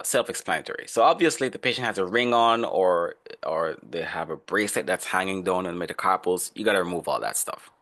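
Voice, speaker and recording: A man with a low voice leads an online lesson. He talks in a relaxed, conversational way and stops often to quiz students by name. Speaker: instructor. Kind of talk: online class lecture.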